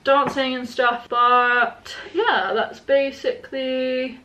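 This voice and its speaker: A young woman talks casually to her viewers, peppering her sentences with likes and you knows. Her voice sits slightly higher than most women's. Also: flat delivery, slow, bright, forceful tone. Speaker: vlogger. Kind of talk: casual vlog chat.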